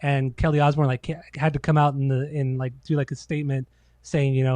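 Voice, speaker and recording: A man's voice: mid-range voice, little pitch movement, a little fast, darkish tone, no room sound. A man co-hosting a casual podcast, telling loose, profane stories and acting out quotes. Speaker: podcast co-host. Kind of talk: casual chat.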